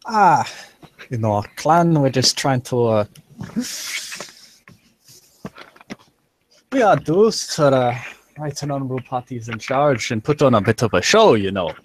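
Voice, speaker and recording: A man's voice: mid-range voice, animated, normal speed, natural voice. A man voicing a courtly clan noble with a wandering put-on Scottish accent in tabletop role-play. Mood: boastful.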